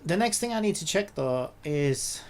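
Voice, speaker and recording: A woman's voice: lowish voice, animated, normal speed. A woman, a game developer, talking to herself in a casual dev log, frustrated and swearing a lot.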